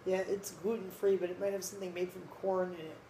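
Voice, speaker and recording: A woman's voice: lowish voice, little pitch movement, fast talker, warm tone, slight background noise, rough recording. A tired woman doing a casual food-tasting vlog at home, blunt and candid, talking with her mouth full into a phone camera. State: tired late at night. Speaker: food vlogger. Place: home, indoors.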